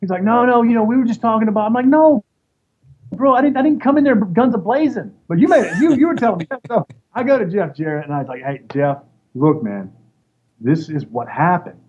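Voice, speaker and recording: A former wrestler being interviewed tells casual stories in a husky, high-pitched voice, speaking a little fast. He's animated and performs the voices of the people in his stories. The sound is dull and lo-fi, carrying faint noise.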